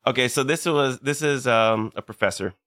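A man's voice: medium pitch, normal speed, fairly bright tone, dry recording, clean studio sound. A man, a podcast guest, rambling through joking guesses in casual chat, with plenty of fillers.

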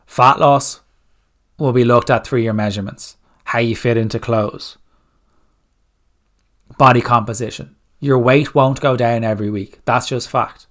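Man, podcast fitness coach, direct blunt delivery, rhetorical questions, mid-range voice. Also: mid-range voice. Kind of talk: solo podcast advice talk.

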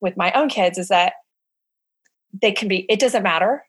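As an interview guest, a middle-aged woman who directs a summer camp tells stories casually and animatedly, using frequent fillers and acting out quoted voices. Her mid-range voice moves at a normal speed.

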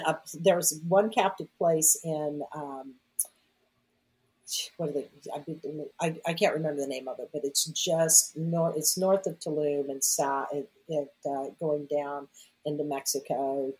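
A low-voiced woman speaks as a podcast guest, telling her stories with real animation. She slips into the voices of the people she is quoting, and her delivery stays conversational and expressive. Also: rough recording. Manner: animated, acts out quoted voices. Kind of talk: conversational storytelling.

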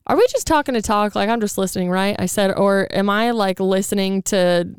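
A woman in relaxed conversation who tells lively stories and acts out what people said. Her voice is very smooth and resonant. The sound is dry and close. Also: medium pitch, fairly quick, no echo. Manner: animated storyteller, acts out quotes, swears freely. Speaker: podcast co-host. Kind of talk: casual chat.

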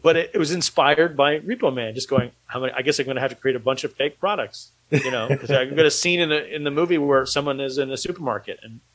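A man's voice: mid-range voice, fast, fairly bright tone, low-quality recording. A man speaking as an independent filmmaker guest in a casual podcast conversation, rambling with many fillers and a dry, sarcastic humor.

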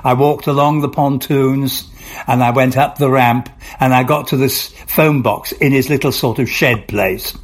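A man's voice: medium pitch, steady tone, a little slow. An older man, an actor guest in an interview, telling long anecdotes with frequent restarts and repeated words.

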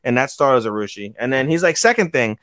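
A man's voice: medium pitch, expressive, fast talker, a bit bright, no echo, studio quality. A man co-hosting a podcast, casually recapping an episode and acting out the characters' lines with sudden jumps in voice. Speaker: podcast co-host. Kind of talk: casual anime recap chat.

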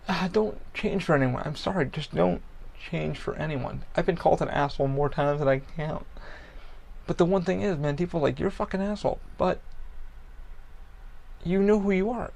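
A man's voice: a little high, gravelly. A man hosting a podcast, talking candidly in a blunt, profane, rambling way about his own life. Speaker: podcast host. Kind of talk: candid personal talk.

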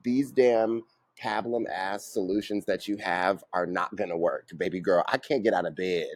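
A man's voice: low voice, fairly even intonation, moderate pace, no room sound. A man co-hosting a podcast in casual chat, rambling and profane, laughing through his sentences. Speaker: podcast co-host.

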